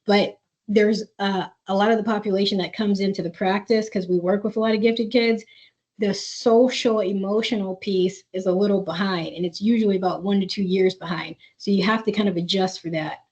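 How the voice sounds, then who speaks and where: In dull lo-fi webinar audio, a woman with a mid-range, fairly even voice speaks fairly quickly. Presenting a live school webinar Q&A, she reads parents' questions aloud and then coaches warmly, with many filler words.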